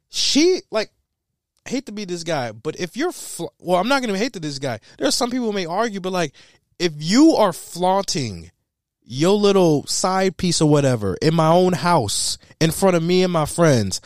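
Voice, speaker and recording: Animated, profane man in casual film chat. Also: sits high, moderate pace, no echo, clean studio sound. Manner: animated, laughing, profane, trailing restarts. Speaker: podcast host reviewing a film.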